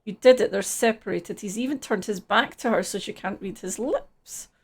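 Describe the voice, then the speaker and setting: A woman with a gravelly, creaky voice talks through a live gameplay stream. She reads game text aloud in a casual, offhand way. She swears freely between lines. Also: medium pitch, moderate pace.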